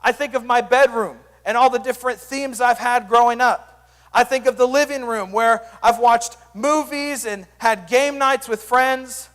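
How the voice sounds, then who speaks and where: A young youth pastor preaches to a crowd of teens, with a very high-pitched voice for a man. He tells funny stories and keeps the energy up. His voice rings with the long reverb of a hall. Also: measured pace. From Sand Springs area, US. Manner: energetic, joking storyteller. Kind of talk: youth sermon.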